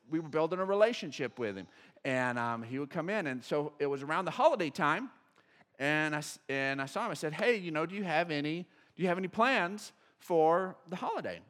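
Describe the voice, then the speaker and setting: High-voiced pastor telling a story. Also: male voice. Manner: storytelling, swinging from loud excited bursts to quiet low asides. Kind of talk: sermon.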